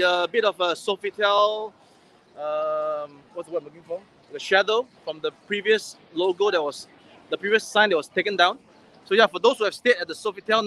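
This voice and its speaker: A man with a Singaporean English accent, hosting a livestream while walking a city street. His voice sits high for a man, and he rambles with fillers and restarts as he talks into a handheld phone. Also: bright, forceful tone. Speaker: livestream host. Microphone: phone held on a livestream.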